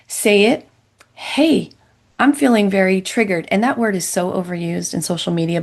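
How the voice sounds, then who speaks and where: A middle-aged woman speaks as a guest on a podcast, reflecting earnestly on her own experience. Her voice has a gravelly, creaky texture at an ordinary pitch, speeding up in quick bursts and slowing for emphasis. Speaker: Christian counselor, guest. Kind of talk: personal storytelling in a podcast interview.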